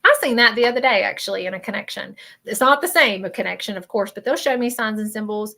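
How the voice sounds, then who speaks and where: A woman with a Southern American accent giving a live psychic reading, earnest and halting, often stopping to apologize. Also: medium pitch, animated, vocal fry, bright, forceful tone. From Southern United States. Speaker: psychic medium.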